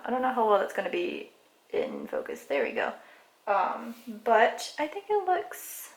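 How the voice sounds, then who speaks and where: A woman's voice: fairly high pitch, huge pitch swings, measured pace, low-quality recording. A young woman chatting casually in a home vlog, rambling with lots of fillers and often dropping to half-whispers. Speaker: vlogger. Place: at home, bathroom then bedroom.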